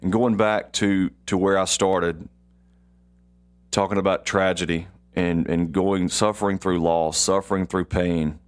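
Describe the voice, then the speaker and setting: Man, deep voice, unhurried, devotional Bible reading, repeats phrases for emphasis. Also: fairly even intonation, clear, resonant tone. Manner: slow and deliberate, repeats key phrases for emphasis. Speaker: podcast host.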